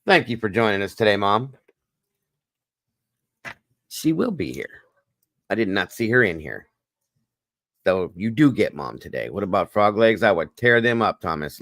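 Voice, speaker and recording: Deep-voiced man chatting on a livestream. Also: very animated, moderate pace, pauses often, a bit bright, no room sound. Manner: chatty, talks to viewers by name, wired on coffee. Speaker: livestream host. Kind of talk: casual livestream chat reading comments.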